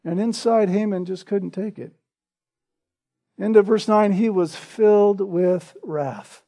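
A man's voice: sits high, slow pace, dark tone. A man preaching an expository sermon in a conversational, storytelling way, often turning to his listeners with rhetorical questions.

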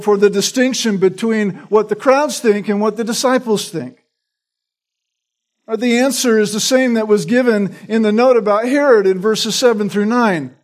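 A man with a high voice teaches a passage of scripture verse by verse. He talks in an easy conversational sermon style, restarting phrases and often checking in with a quick "right?". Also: a little mellow. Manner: repeats words while teaching, asks "right?". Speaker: pastor. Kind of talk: expository Bible teaching.

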